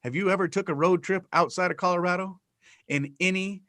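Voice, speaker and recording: A man's voice: sits high, fairly quick. A man doing stand-up on a virtual comedy show, ranting with lots of swearing and acting out other people's voices over a video call. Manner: profane, animated ranting with acted-out voices. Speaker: stand-up comic.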